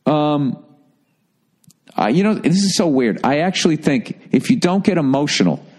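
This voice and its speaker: A man's voice: on the high side, expressive, moderate pace, darkish tone. A middle-aged man hosting a show, answering listener letters in a blunt, rambling, heavily profane way. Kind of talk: casual advice rant.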